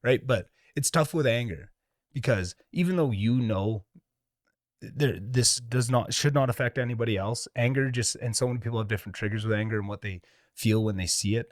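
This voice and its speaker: A man's voice: mid-range voice, dry recording, clean studio sound. A young man from Canada, a comedian, telling candid, profane stories in a casual podcast conversation. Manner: candid, profane, rapid storytelling.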